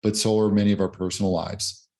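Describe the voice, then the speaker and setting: A man's voice: fairly low pitch, little pitch movement, quick pace, vocal fry, warm tone. A man hosting a podcast as a physician, talking in a reflective, earnest way. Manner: reflective, earnest, some repeated words. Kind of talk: conversational podcast interview.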